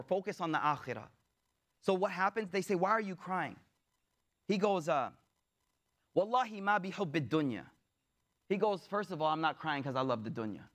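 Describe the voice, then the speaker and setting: A young man with a high voice preaches by telling a story. He talks in loose, everyday slang and slips into the voices of the people in his tale. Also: a bit bright. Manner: casual slangy delivery, acts out quoted speakers. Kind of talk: storytelling sermon.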